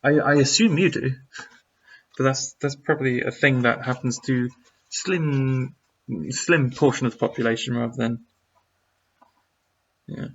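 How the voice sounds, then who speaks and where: A man's voice: medium pitch, measured pace, pauses often, lo-fi sound. A man who speaks, casually answering viewer questions on a live stream, rambling with lots of fillers as he reads the chat.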